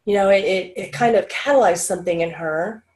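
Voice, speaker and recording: Middle-aged woman guest, casual interview, lively and animated, voices quotes higher. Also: brisk. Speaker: interview guest, channel and medical intuitive.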